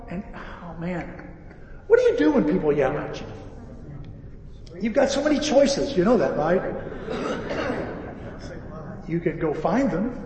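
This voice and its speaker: A man delivers a sermon as a lively story, his voice high and swinging widely in pitch. He acts out the dialogue as he goes. The sound is roomy and distant, with a long hall reverb and faint background ambience. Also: moderate pace, long pauses, highs cut off. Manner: animated storytelling with acted-out dialogue. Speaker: pastor and repair-shop owner.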